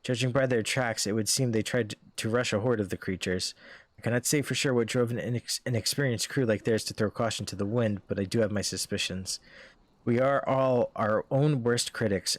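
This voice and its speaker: A man voicing a wise, calm veteran adventurer, speaking in a measured way. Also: lowish voice, no echo, lightly acted.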